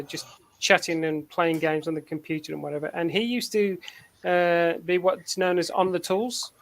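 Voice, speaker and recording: A man with a Black Country accent hosting a casual online chat, telling long stories with many fillers and restarts. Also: a little high. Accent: Black Country English. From England, Black Country. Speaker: host of a live online hangout.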